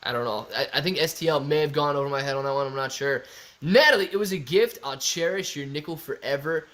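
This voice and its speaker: Young man, livestream host, casual and jokey, reading chat aloud, a bit high-pitched. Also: fast talker, a bit bright. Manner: jokey, reads viewer comments aloud.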